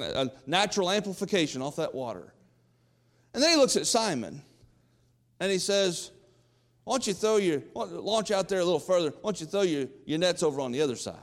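A man preaching from the pulpit, folksy and emphatic. His voice sits a little high for a man, and he talks straight to the congregation. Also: in a large hall. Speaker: pastor. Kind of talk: sermon.

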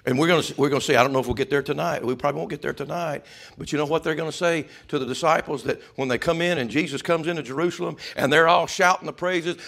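A man preaching a sermon, swinging from loud shouting to hushed whispers. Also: on the high side, fast, vocal fry. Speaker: pastor.

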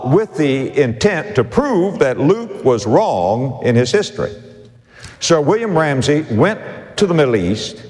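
Man preaching with lively pitch, echoing hall. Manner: emphatic preaching with repetition and slowed key phrases. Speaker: pastor. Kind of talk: sermon.

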